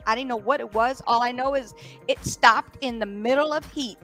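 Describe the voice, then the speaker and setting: A woman's voice: a little high, normal speed, a bit bright, faint music behind. A woman hosting a casual chat, telling a long story at a loose pace with plenty of fillers. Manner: chatty, rambling storyteller with many fillers.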